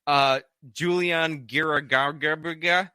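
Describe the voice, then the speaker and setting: A man's voice: a little high, fairly even intonation, slow, crowd noise. A man hosting a casual live stream, reading viewer messages aloud with lots of "like" fillers. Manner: reads donor messages aloud with many "like" fillers. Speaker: streamer reading super chats.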